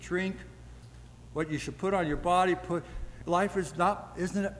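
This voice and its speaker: Older male preacher with a high-pitched voice, folksy, keeps asking rhetorical questions; long church-hall reverb. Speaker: pastor. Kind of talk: sermon.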